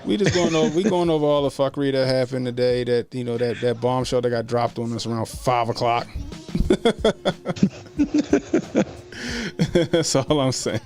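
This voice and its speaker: A man's voice: mid-range voice, measured pace, pauses often, darkish tone, soft background music. A man hosting a casual livestream, talking in laid-back slangy banter and laughing often. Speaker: livestream host.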